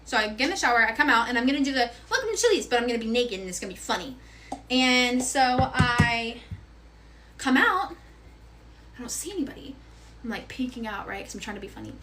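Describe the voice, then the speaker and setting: A young woman with a high voice tells a frank, rambling, profane storytime while cooking casually at home. A loud sizzling pan and stirring can be heard behind her, and the audio is poor with a slight hiss or hum.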